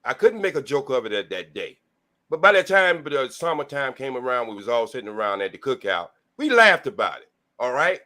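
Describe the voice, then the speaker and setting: A man's voice: mid-range voice, big pitch swings, a little fast, sharp tone. A man talking casually on a live-stream panel, folksy and preachy. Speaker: panel guest.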